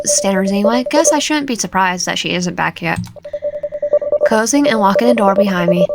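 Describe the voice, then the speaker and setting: A woman's voice: mid-range voice, very noisy. Woman reading a horror game aloud. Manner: expressive, voicing the heroine's fear. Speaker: gamer. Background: game music.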